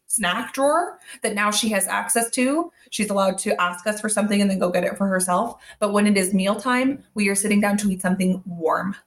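A woman's voice: medium pitch, fairly quick, hardly any pauses. A woman in her thirties co-hosting a parenting podcast, chatting casually and telling stories about her young child with quoted asides. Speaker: podcast co-host. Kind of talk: casual chat.

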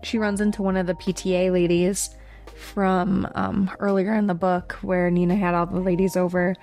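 A woman's voice: fairly low pitch, level tone, normal speed, a little mellow, soft background music. A woman co-hosting a book podcast, recapping a thriller plot in a chatty way with lots of fillers. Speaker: podcast co-host. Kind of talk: casual book discussion.

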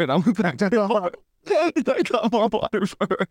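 Lively young man telling stories. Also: high voice, normal speed, dry recording. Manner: animated storytelling, laughing, acting out quotes. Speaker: podcast co-host. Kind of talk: casual chat.

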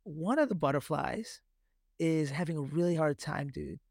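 Podcast co-host, man, 30s, lively storyteller, somewhat high voice, dry close sound. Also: moderate pace, gravelly, no echo. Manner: animated storyteller, acts out his kids' voices. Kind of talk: casual chat.

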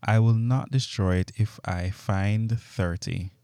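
A calm, assured divine voice grants each request, as a man reads it. Low and dark in tone, recorded close and dry. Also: takes it slowly, clear, resonant tone, no echo.

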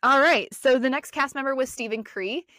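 Woman, American, bright forceful voice, bubbly fangirl podcast co-host, dry sound. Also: sits high, normal speed, dry recording. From United States. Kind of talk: casual chat.

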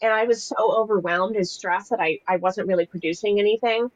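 A woman's voice: medium pitch, a little fast, highs cut off. Candid young woman telling her story. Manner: candid, emotional, heavy use of fillers. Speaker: podcast guest. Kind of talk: casual personal storytelling.

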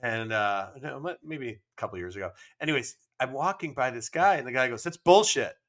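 A man's voice: mid-range voice, lively intonation, a little fast, pushed and bright. A man in his fifties co-hosting a podcast, telling stories in a wry, teasing way. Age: 50s. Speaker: podcast co-host. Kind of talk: casual chat.

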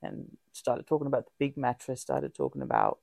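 A woman with a low, very gravelly voice speaks openly and reflectively in a casual podcast chat, dark and mellow in tone. She often stops and restarts her sentences, and the sound is dry and close. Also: wildly swooping pitch, no echo. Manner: halting, frequent restarts and fillers; open and reflective. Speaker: podcast co-host.

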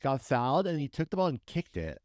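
A man's voice: medium pitch, sing-song, fairly quick, darkish tone, no room sound, studio quality. A man hosting a casual soccer podcast, steering the chat and putting questions to his co-hosts. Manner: leads the talk, asks the others questions. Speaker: podcast host.

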